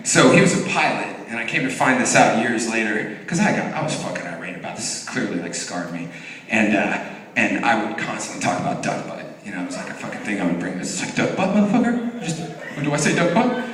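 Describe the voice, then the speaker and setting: A man in his thirties doing a profane stand-up comedy set on stage, telling stories and acting out voices. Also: medium pitch. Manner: animated storytelling, profane, acts out voices. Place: comedy venue stage, live audience. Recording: echoey hall from far off.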